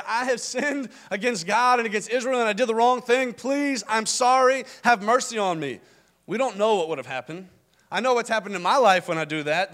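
A man's voice: high-pitched, a bit bright. A man preaching a sermon, stressing points with repetition and acting out the voices of God and the people in scripture. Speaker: pastor.

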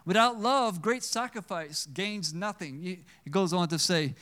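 Earnest high-voiced male pastor preaching. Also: unhurried, few pauses, pushed and bright. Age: adult with children. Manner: earnest, repeats words, asks the congregation questions. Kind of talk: sermon.

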